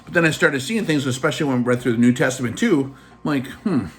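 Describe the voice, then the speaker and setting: A man's voice: mid-range voice, quick pace, slight background noise. A man hosting a casual vlog, telling a personal story in a chatty way full of fillers. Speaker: channel host.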